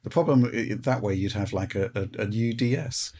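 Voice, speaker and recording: A man hosting a casual panel chat, hesitant, with many pauses and restarts. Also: lowish voice, mellow, a little hiss or hum. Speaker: host.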